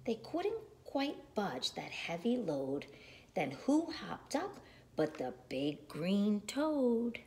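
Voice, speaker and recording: A woman reads a picture book aloud to young children, unhurried and in a sing-song manner. Her pitch swoops up and down a lot, and she takes her time over every line. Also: a little hiss or hum. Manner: slow, animated, sing-song reading. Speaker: storyteller reading aloud to children.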